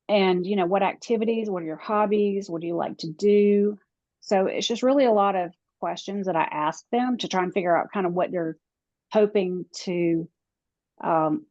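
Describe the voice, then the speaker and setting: A woman's voice: lowish voice, normal speed, darkish tone, no echo. Chatty woman relocation guide, lo-fi call. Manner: chatty, laughs often, many restarts. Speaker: real estate relocation guide. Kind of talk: casual interview conversation. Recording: dry, dull lo-fi audio.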